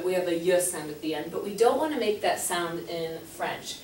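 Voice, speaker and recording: Heard from a distance in an echoey classroom, this French teacher has a lowish, slightly mellow voice and an animated delivery. She moves at a moderate pace with few pauses, patiently explaining and spelling out each word letter by letter, over a little hiss or hum.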